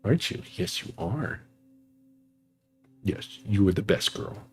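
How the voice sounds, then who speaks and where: A man's voice: lowish voice, expressive, takes it slowly, a little mellow, breathy edge, soft background music, heavily acted. A man voicing his sweet, clingy young female house cat in a cooing, affectionate, playfully bossy way.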